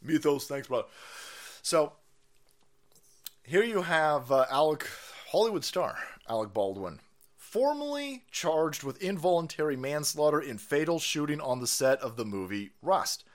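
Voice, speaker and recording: Male stream host: profane political rant, sarcastic and loud, fairly high, very lively pitch. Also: a little slow. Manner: loud, crude, sarcastic, laughing.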